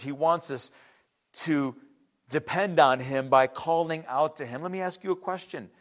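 A man preaching a sermon in a conversational way, asking the listeners questions and repeating words, swinging between loud emphasis and quiet asides. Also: on the high side. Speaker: pastor.

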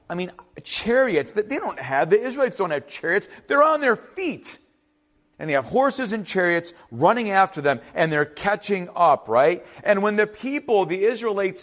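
A male pastor preaching with a fairly high, bright-toned voice. He is animated and conversational, slipping into the voices of the people he quotes and tossing in casual asides. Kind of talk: sermon.

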